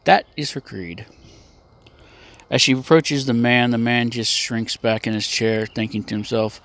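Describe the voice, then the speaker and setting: A man telling a story in a casual, plainspoken, unhurried way, with a few restarts. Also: mid-range voice, a bit bright.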